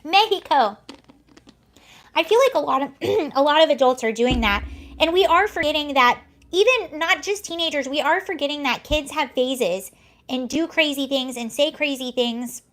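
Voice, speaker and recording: A woman's voice: sits high, animated, normal speed, a bit bright. A young woman hosting a casual livestream, talking in a chatty, rambling way and often correcting herself mid-sentence. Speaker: livestream host.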